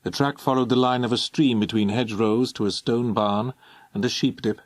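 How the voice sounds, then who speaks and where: Here a man of medium pitch delivers scripted audiobook narration, reading in a measured and expressive way. The sound is clean studio audio, free of echo.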